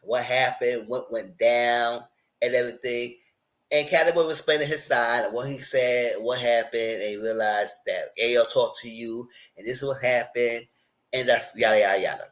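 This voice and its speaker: Man, mid-pitched voice, casual recap host, rambling retellings, quoted asides. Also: moderate pace, a bit bright.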